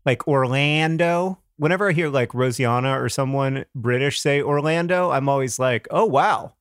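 A man's voice: mid-range voice, normal speed, clear, resonant tone, dry recording, clean studio sound. An American man co-hosting a podcast, chatting casually in a wry, joking way and reading listener questions aloud. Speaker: podcast co-host. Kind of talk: casual chat.

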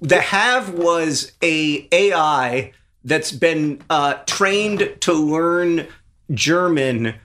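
Middle-aged male podcast co-host, a touch high-pitched, earnest and reflective, talks things through at length. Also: animated, very slow, fairly bright tone. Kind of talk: casual podcast chat.

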